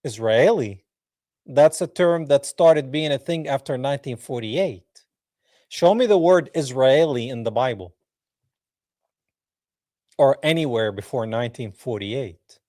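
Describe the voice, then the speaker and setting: Male podcast host, mocking reaction talk, unhurried delivery, dry close sound. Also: mid-range voice, a little mellow, no room sound. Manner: mocking, sarcastic, laughs at clips. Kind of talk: live reaction commentary.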